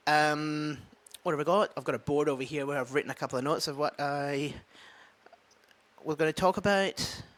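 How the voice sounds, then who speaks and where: Speaking a little high at a moderate pace, this Scottish man has a fairly bright tone. An open mic comedian, he vlogs casually from home with a dog nearby, rambling, thinking aloud and filling gaps with lots of fillers.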